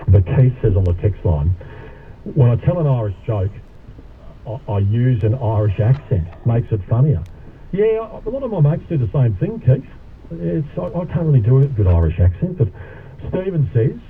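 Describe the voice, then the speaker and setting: A man hosting talk radio, casual and matey, chatting with callers. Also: medium pitch. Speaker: radio host. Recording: tinny radio broadcast with faint noise.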